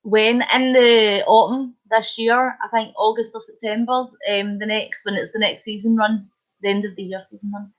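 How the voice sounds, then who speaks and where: A Scottish woman chatting casually on her live stream, bubbly and quick to laugh. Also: mid-range voice, flat delivery. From Scotland. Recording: dull lo-fi stream audio.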